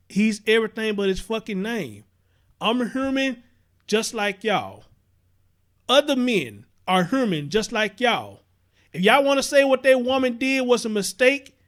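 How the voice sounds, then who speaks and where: A man's voice: extremely high pitch, a bit bright. A man hosting a live-stream commentary show, talking passionately and profanely and repeating himself as he reacts to viewer comments.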